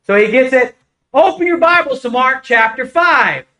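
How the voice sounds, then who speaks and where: A man preaching a casual, conversational sermon, telling stories with lively acted-out dialogue. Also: very high voice, normal speed, rough recording. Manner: animated storytelling, acts out dialogue.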